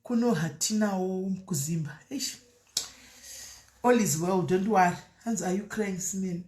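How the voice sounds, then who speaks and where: A woman's voice: medium pitch, normal speed, darkish tone, roomy sound. A woman hosting a casual live stream, reading out viewer comments and chatting freely between Shona and English with frequent laughs.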